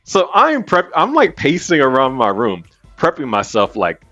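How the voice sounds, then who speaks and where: A man hosting a podcast, telling a story in an animated, casual way and swearing freely. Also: mid-range voice, normal speed. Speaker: podcast host. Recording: muffled with faint music.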